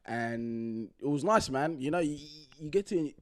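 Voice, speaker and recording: A man's voice: medium pitch, lively intonation, unhurried. A young Australian man hosting a podcast, laid-back and slangy, laughing often as he chats. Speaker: podcast host. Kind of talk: casual chat.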